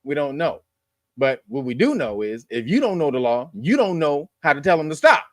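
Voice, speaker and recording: A man's voice: on the high side, sing-song, moderate pace, a bit bright, no echo, studio quality. Blunt, profane man lecturing on law. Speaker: host. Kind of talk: commentary on news clips.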